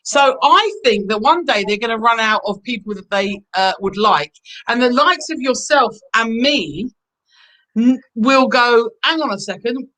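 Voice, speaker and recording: A woman guest on a chat show, chatty, playful and animated. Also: a little high, unhurried, poor audio. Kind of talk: casual chat.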